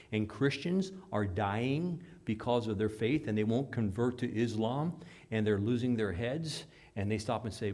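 A man's voice: on the low side, mellow. A man preaching a sermon in an emphatic, dramatic way, acting out the voices he quotes.

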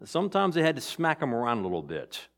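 A male pastor giving a Sunday sermon in a conversational style, swinging between raised emphasis and quiet asides. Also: medium pitch, huge pitch swings, quick pace.

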